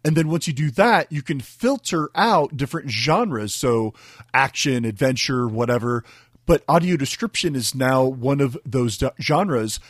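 A man's voice: mid-range voice, lively intonation, measured pace, dry recording. A man with a mid-range voice co-hosts a tech show, explaining at length in a chatty way. He restarts phrases as he goes. His voice is recorded close and dry. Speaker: radio show co-host. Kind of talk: casual tech radio chat.

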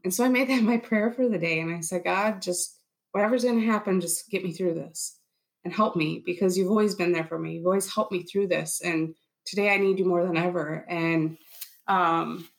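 A woman's voice: on the low side, fairly even intonation, moderate pace, gravelly. A woman in her thirties giving an earnest personal testimony in an interview, reliving events and quoting her own thoughts. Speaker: interviewee, bereaved military spouse.

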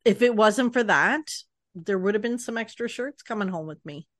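A woman's voice: medium pitch, moderate pace, dry recording, clean studio sound. A woman co-hosting a podcast, chatting casually and enthusiastically, often restarting her sentences. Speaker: podcast co-host. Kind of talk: casual chat.

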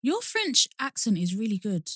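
A woman's voice: a little high, wildly swooping pitch, normal speed, husky, no echo. A young woman, co-hosting a casual chat and talking easily, laughing often. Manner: chatty, laughs easily, spells out names. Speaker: podcast co-host.

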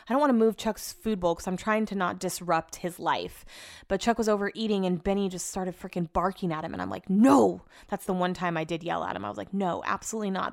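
Chatty young woman gossiping casually. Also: fairly low pitch. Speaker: podcast host. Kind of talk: casual chat.

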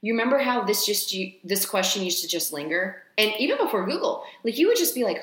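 A woman's voice: medium pitch, very animated, fast, few pauses, fairly bright tone. A woman co-hosting a podcast in casual chat, talking freely with lots of swearing and wandering off on tangents. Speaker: podcast co-host. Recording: echoey room.

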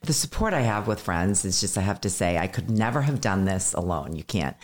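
A woman's voice: very deep voice, lively intonation, brisk. A woman in her fifties, a stand-up comedian talking as a guest in a casual interview, telling candid, self-deprecating stories with stammered restarts. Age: 50s.

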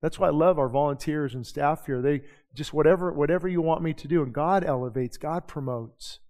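Preaching pastor in a reverberant church hall. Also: male voice, a little high, a little mellow. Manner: conversational preaching with quick asides and rhetorical questions. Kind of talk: sermon. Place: church sanctuary.

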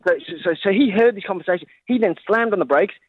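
A man, a podcast guest telling a story in a lively, animated way and laughing as he goes, on a slightly dull recording. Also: high-pitched, quick pace, slightly rough, no echo. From Australia. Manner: animated, laughs while telling, acts out family members. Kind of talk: casual podcast anecdote.

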